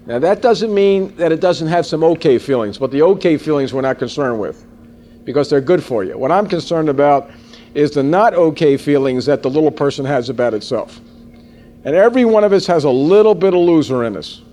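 Animated folksy male seminar speaker. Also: fairly high pitch, brisk, a little hiss or hum. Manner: animated, folksy, quizzes the audience. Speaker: sales trainer. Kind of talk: seminar talk to a live audience.

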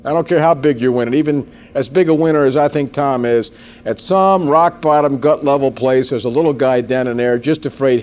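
A man in his forties leads a sales training seminar before a live audience, animated and folksy, frequently turning to ask the room questions. His voice is medium-pitched and brisk.

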